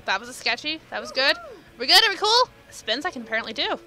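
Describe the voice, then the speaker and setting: Young woman let's player, high bright voice, self-mocking and teasing, faint game music. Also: big pitch swings, quick pace.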